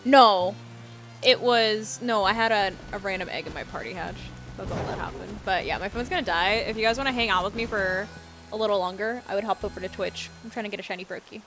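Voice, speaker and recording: A woman's voice: medium pitch, a little fast, music in the background. A young woman in her twenties, chatting casually and sarcastically with her live-stream viewers while she plays, often giggling. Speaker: game streamer reading chat. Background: house beats playing under the voice.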